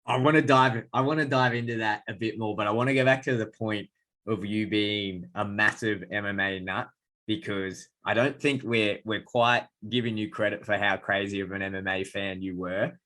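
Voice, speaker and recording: A male podcast host with a notably deep, low voice. He talks eagerly and conversationally, building up long setups before each question. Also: fairly even intonation, moderate pace, sharp tone. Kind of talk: conversational interviewing.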